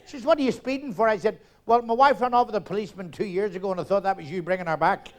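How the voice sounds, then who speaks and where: A man in his sixties with a Northern Irish accent, doing live stand-up on a theatre stage and rattling off jokes while acting out the voices in them. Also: sits high. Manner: rapid joke-telling, acting out characters in dialogue. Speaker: stand-up comedian.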